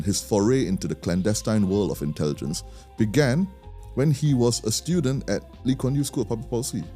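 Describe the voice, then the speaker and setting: A man with a Singaporean English accent tells a story for a podcast, chatty and easygoing, often stumbling and restarting mid-sentence. His voice sits very low and sounds warm and dark. Faint music plays behind him. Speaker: podcast co-host. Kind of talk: casual storytelling chat.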